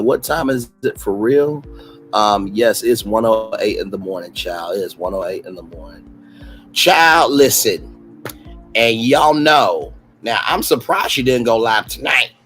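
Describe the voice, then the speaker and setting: A man's voice: fairly low pitch, moderate pace, faint music behind, rough recording. A man with a Southern US accent hosting a late-night livestream, chatting sassily and reading comments aloud. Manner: animated, sassy, reads chat comments aloud. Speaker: livestream host.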